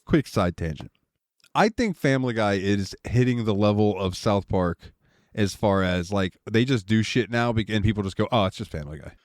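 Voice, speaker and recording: Give me a male podcast co-host with a lowish, lively voice, recorded dry. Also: moderate pace, no echo. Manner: animated storytelling with laughs and voices. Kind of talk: casual chat.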